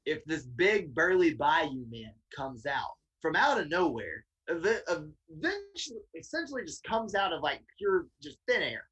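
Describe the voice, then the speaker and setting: A man from Tennessee, a guest wrestler, telling a casual, animated story with laughs and swearing. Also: a little high, moderate pace, husky, poor audio.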